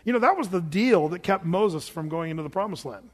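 Male pastor, high voice, sermon in a church with long reverb, dramatic retelling. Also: animated, brisk. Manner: rhetorical questions and dramatized retellings.

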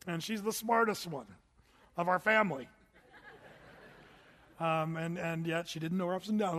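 A middle-aged male pastor with a fairly high voice delivers an animated, storytelling sermon. His words ring out in a large church hall with a long reverb tail.

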